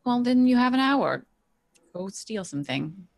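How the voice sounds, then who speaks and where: A woman's voice: on the high side, very animated, moderate pace, gravelly, a little mellow, dry recording. A woman playing a tabletop game, speaking in a dry, wry way. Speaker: player. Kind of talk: tabletop role-play.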